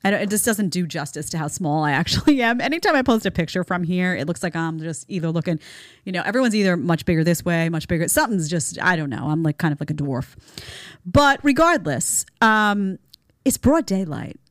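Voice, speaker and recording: A woman hosting a talk show, giving casual commentary in a chatty, animated way and acting out quotes. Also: on the low side, fairly quick, dry recording, clean studio sound. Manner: animated, acts out quotes with put-on voices; lively, chatty. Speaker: show host.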